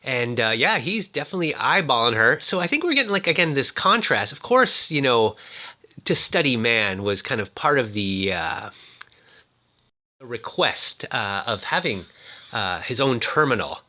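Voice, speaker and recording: A man talks through a movie in a casual, joking way, often breaking into exclamations. His bright voice swoops up and down, and his pitch sits in the middle range. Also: normal speed. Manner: animated, exclaiming, jokey. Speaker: movie reviewer.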